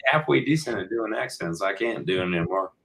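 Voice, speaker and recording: Low-voiced rambling American man. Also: lively intonation, fairly quick, creaky, a bit bright. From United States. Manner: rambling, with many fillers and restarts. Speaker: guest. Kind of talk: casual chat.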